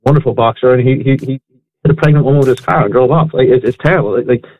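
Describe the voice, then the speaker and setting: A man's voice: medium pitch, very fast. A middle-aged man talking casually and emphatically, with frequent restarts, as a guest on a chat show. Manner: emphatic, opinionated, restarts often. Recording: dry tinny phone line.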